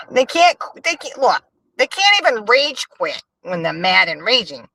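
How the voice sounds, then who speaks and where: A woman hosting a livestream, chatting in a sassy, animated gossip style and answering her chat. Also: fairly high pitch, a little slow, dry recording. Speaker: livestream host. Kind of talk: casual gossip commentary.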